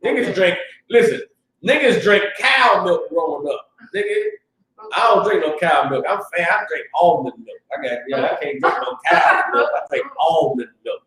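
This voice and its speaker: A man teaching a religious class with a Southern US accent, talking in a fiery, casual street style that rises into shouts. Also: fairly high pitch, animated, moderate pace, slight background noise. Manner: fiery, shouting at peaks, profane asides. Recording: roomy echo, distant mic.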